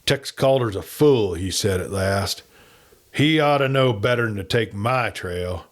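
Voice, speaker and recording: A man voicing a gruff, boastful outlaw gang leader with a rough frontier drawl. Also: fairly low pitch, expressive, measured pace. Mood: menacing.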